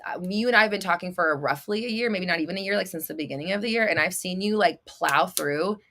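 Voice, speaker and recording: A young woman hosting a casual livestream, reading viewer comments and coaching them in a blunt, excitable way, swearing freely and laughing often. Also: on the low side, fast. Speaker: manifestation coach and livestream host.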